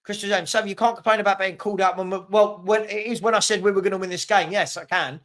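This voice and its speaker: A man's voice: high-pitched, steady tone, fast talker, fairly bright tone. A man hosting a live football watchalong, reacting to the match and answering viewers' chat with frequent chuckles. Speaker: host of a football fan watchalong.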